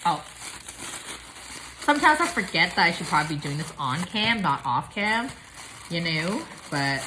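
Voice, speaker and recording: A woman filming a casual unboxing vlog at home, chatty and gushing with excitement. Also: fairly low pitch, normal speed, background noise. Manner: gushing, excitable, squeals and gasps. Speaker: vlogger unboxing a package. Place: home, filming with pets nearby.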